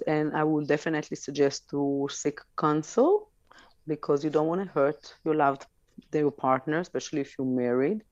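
A woman's voice: low voice, a little mellow, dry recording, highs cut off. A woman on a talk show giving frank sex advice, laughing easily between points. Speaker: sex educator guest.

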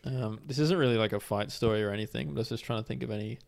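A man's voice: lowish voice, very fast, gravelly, darkish tone. A man, a podcast host telling a long story in a rambling, filler-heavy way. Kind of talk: casual storytelling.

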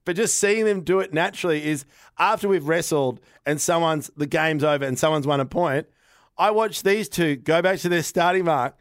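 Animated father chatting, dry close sound. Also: a little high, moderate pace, no room sound. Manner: animated, laughs often, acts out his kids' voices. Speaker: podcast guest, father. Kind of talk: casual chat.

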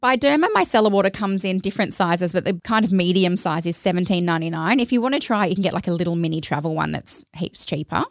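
A woman's voice: lowish voice, expressive, quick pace, creaky, few pauses, no echo, studio quality. A woman co-hosting a podcast, chatting enthusiastically about beauty products. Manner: chatty, enthusiastic, acts out quoted voices. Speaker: podcast co-host. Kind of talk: casual beauty chat.

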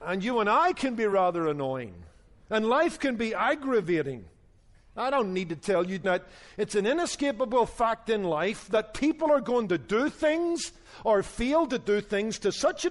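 A man with a notably high voice preaches a radio sermon as a Bible teacher. He tells his points through stories and voices the people in them. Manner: storytelling preacher, acts out dialogue in his story.

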